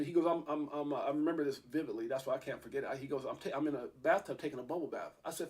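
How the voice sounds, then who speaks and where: Fast-talking man telling a long story. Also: mid-range voice, darkish tone, breathy edge. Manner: rambling, with many fillers and restarts. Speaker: podcast host. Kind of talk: casual storytelling in an interview.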